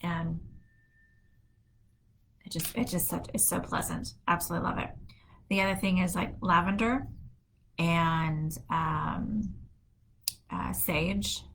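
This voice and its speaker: A woman's voice: on the low side, fairly even intonation, slow, creaky, pauses often, a bit bright, rough recording. A middle-aged woman hosting a wellness show from her home office, talking casually and rambling with many fillers. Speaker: wellness podcast host. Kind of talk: casual solo talk.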